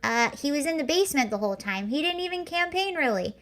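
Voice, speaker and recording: Woman streamer, somewhat high voice, sarcastic casual chat, reads comments aloud. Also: expressive, fast, fairly bright tone. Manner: sarcastic, laughing, reading out viewer comments. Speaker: livestream host.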